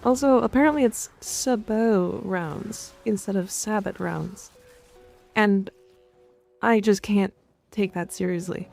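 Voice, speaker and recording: Gravelly-voiced woman streamer, profane and offhand. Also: medium pitch, slow, a little mellow. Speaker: game streamer. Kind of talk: casual gaming stream chat. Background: faint background music.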